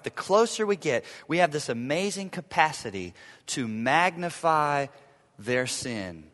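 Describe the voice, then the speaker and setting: A man's voice: fairly high pitch, bright, forceful tone. A man in his forties preaching a sermon, emphatic and repeating his key phrases for the congregation. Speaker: pastor. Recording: echoey hall reverb.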